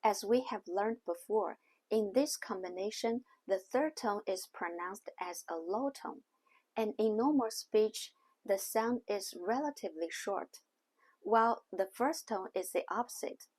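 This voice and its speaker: A woman with a medium-pitched, darkish voice leads a scripted language lesson, speaking slowly and carefully. She demonstrates the sounds one at a time, modeling tones on single syllables.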